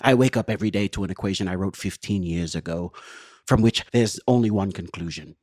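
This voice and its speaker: A man's voice: low voice, a little mellow, no echo, pitched below the performer's own voice. A man putting on a grave, brooding voice for a weary older rebel spymaster on a podcast. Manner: brooding, grave, slow-building delivery.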